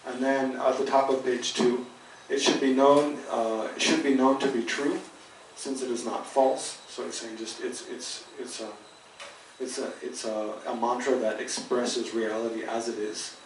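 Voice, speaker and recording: A man leads a Buddhist study class in a patient, halting way and often restarts mid-sentence. He sounds set back from the mic. The room rings with a strong echo and a faint hiss. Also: medium pitch, steady tone. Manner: patient, thinking aloud with frequent restarts. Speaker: Buddhist teacher. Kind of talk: dharma class lecture. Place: teaching hall. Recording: roomy hall, mic at a distance.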